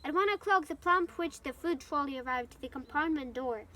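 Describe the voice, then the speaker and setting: Reading the English novel aloud again, the Ukrainian-speaking woman occasionally stumbles and restarts. She sounds high, quick, pushed and bright.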